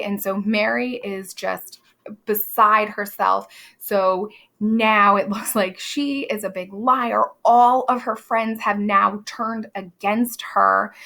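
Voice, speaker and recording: Role: teacher. Style: online literature lesson. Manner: casual, chatty, quick asides. Pitch: mid. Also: female voice, gravelly, a bit bright. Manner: casual, chatty explaining with fillers. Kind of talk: literature lesson over a video call.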